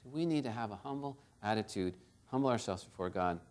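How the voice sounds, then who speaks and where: A man's voice: lowish voice, expressive, quick pace, a little mellow. A man preaching a sermon, retelling a story and exhorting his listeners with earnest, direct questions.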